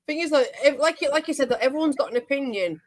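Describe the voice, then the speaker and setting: A woman's voice: high-pitched, lively intonation, fast talker, no room sound, low-quality recording. A woman in a casual livestream chat, speaking bluntly and sounding exasperated.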